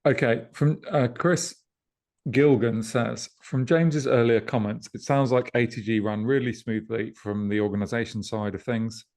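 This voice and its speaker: A man co-hosting a podcast over a video call, talking in a relaxed, reflective way and reading out listener questions. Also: mid-range voice, moderate pace. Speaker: podcast co-host and festival promoter.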